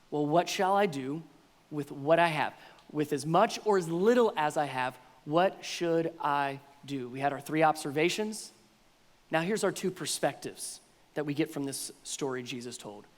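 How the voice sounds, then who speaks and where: A man preaching a sermon as pastor, animated and playful, now and then acting out what people might say. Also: on the high side, moderate pace, long reverb tail. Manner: animated, acts out voices of congregants with playful exaggeration. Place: church sanctuary.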